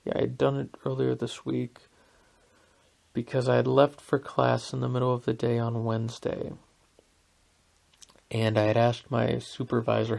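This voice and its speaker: A man's voice: medium pitch, flat delivery, normal speed, gravelly. A young man hosting a podcast, rambling through a story in a self-deprecating way with lots of fillers. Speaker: podcast host. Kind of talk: casual rambling monologue.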